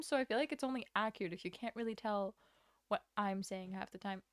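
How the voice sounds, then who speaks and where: A woman in her twenties talks casually to her stream from a room at home, wandering from one thought to the next and poking fun at herself. She laughs easily between sentences. Her voice sits at an ordinary middle pitch, recorded close and dry with no room echo. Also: fast talker, a bit bright. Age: 20s. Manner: rambling and self-deprecating, laughs often. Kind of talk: casual livestream chat.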